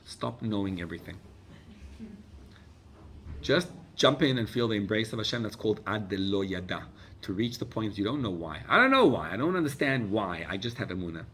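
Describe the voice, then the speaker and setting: A man, a rabbi, preaching a sermon with animated swings from loud urgent exhortation to hushed intimacy, mixing in Hebrew and Yiddish phrases. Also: fairly low pitch, normal speed, slight background noise.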